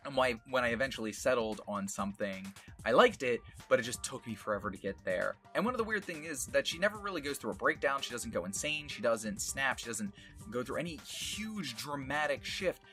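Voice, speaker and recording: A man's voice: mid-range voice, expressive, a little fast, sharp tone, faint music behind. A man voice actor talking casually about his past roles, rambling with many fillers and small laughs. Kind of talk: casual retrospective talk.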